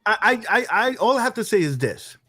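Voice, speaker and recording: A man co-hosting a casual gaming podcast, joking and swearing through animated banter. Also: sits high, fast, dry recording, studio quality, soft background music. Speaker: podcast co-host.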